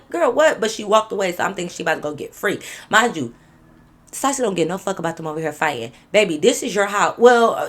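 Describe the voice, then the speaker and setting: A woman vlogger telling a casual story to her viewers, animated and profane, addressing them directly. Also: medium pitch.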